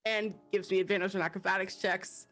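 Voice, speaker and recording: A woman's voice: mid-range voice, little pitch movement, fairly quick, fairly bright tone. A woman playing a tabletop game, describing her character casually with lots of fillers. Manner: rambling with many fillers. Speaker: player.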